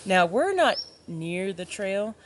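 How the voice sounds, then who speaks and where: A woman recording herself alone at a forest campsite. She tells her story in a relaxed, chatty way full of ums, at a medium pitch, and a faint outdoor hiss sits behind her voice. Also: slow. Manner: chatty, many ums, acts out voices in retelling. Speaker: solo backpacking vlogger. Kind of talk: casual storytelling to camera.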